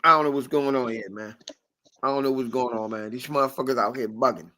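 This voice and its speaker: A man hosting a casual podcast, ranting in an animated, profane, repetitive way. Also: medium pitch, fast talker. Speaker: podcast host.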